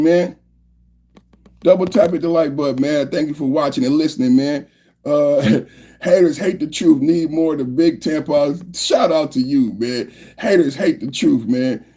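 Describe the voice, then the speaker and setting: A man's voice: a little high, dark tone, husky. A male podcast host doing political commentary, firing off repeated rhetorical questions and often asking viewers to like the video. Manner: repetitive, fired-up rhetorical questions.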